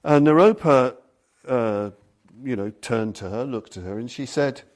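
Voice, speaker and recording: A Buddhist teacher delivers a dharma talk, telling stories and reading passages aloud. His voice is mid-range and unhurried.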